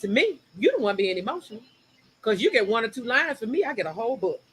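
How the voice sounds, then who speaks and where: A woman co-host holds forth in casual chat. Her voice is bright and forceful, and she talks in an animated, opinionated way, rushing ahead when she presses a point. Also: a little high, slightly rough, low-quality recording. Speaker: podcast co-host.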